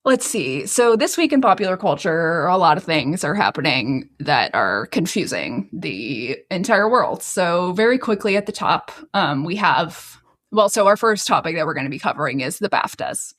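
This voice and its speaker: A woman's voice: fairly low pitch, big pitch swings, normal speed, a bit bright. A woman co-hosting a podcast, ranting in a sarcastic, profane, laughing manner. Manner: sarcastic, swearing, laughing rants. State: waiting for an edible to kick in. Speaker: podcast co-host. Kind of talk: casual podcast banter.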